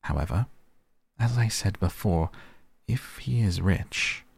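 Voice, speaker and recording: A man's voice: low-pitched, expressive, slow pace, vocal fry, darkish tone, slightly rough, full character voice. A man reading the part of a vain middle-aged mother and faded actress, fussy and affected.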